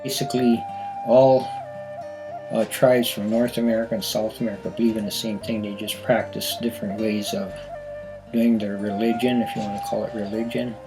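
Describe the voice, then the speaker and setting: A man being interviewed, telling personal stories in an unhurried, thoughtful way and often repeating himself. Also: on the low side, little pitch movement, low-quality recording. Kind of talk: reflective personal storytelling. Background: guitar music clearly heard.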